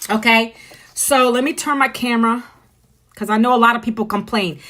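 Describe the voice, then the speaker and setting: A middle-aged American woman speaks into her phone on a live stream, her voice sitting a bit high. She talks bluntly and preachily, addressing viewers directly and by name. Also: expressive, a little fast, a bit bright. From United States. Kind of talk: casual live-stream monologue.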